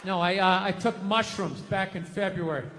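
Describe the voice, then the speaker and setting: A man's voice: high-pitched, fairly even intonation, normal speed, long reverb tail, over a noisy crowd, heavy background noise. A man in his fifties telling a loose, rambling story in a casual way. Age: 50s.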